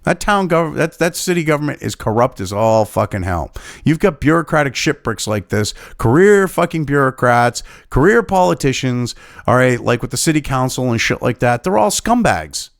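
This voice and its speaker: A man's voice: medium pitch, very animated, moderate pace, vocal fry, no echo, clean studio sound. A man from New Hampshire giving angry, sarcastic, profanity-laden political commentary.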